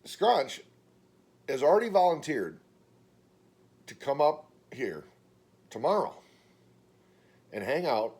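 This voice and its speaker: A man's voice: slow, pauses often. A middle-aged man talking casually in a vlog monologue, telling stories and mimicking other people in a raised voice. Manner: animated storytelling, mimics others in high voices. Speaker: vlogger.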